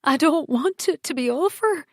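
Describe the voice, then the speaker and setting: A woman's voice: high-pitched, animated, moderate pace, no echo, studio quality, pitched above the performer's own voice. A woman narrator voicing a torn, anguished man who pleads, in her own voice raised with emotion. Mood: pleading.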